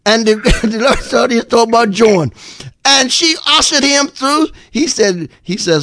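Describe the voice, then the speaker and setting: A middle-aged man from Bermuda talks on a radio call-in show with a fairly high voice. He rambles, repeats words and tells stories with animation. The studio sound is dry and close. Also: expressive, a little slow, bright, forceful tone, no echo. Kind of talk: casual radio chat.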